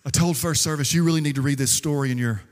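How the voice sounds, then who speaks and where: A male pastor preaching a sermon, telling stories lively and acting out the quotes. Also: fairly high pitch, fast talker. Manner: lively storytelling with acted quotes. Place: church sanctuary. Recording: long hall reverb.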